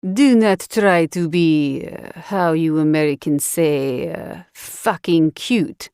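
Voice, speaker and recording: A woman voicing a small, cruel male kidnapper, who makes slow, cold threats in halting English. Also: on the high side, darkish tone, clean tone, no echo, studio quality, pitched below the performer's own voice. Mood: menacing.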